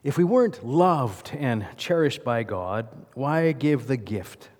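A male pastor delivers a sermon in a church, loose and conversational, often asking the congregation questions. His mid-pitched voice carries a long reverb from the big sanctuary. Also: very animated, slow pace, darkish tone.

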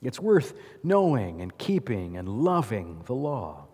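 A man's voice: medium pitch, very animated, slow, darkish tone, husky. Man preaching a conversational sermon. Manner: conversational, asks the congregation questions. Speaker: pastor. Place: church sanctuary. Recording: long hall reverb.

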